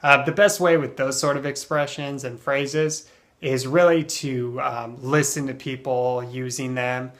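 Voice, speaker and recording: A man teaching an English phrase in a relaxed, casual way, with plenty of ums and uhs, acting out example sentences with strong emphasis. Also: medium pitch, measured pace. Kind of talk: casual spoken lesson.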